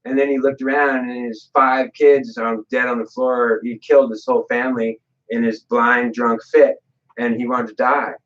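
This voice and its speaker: A man talking on a livestream as a guest, telling stories with animated delivery and voiced quotes. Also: medium pitch, normal speed, muffled recording. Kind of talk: livestream talk, storytelling.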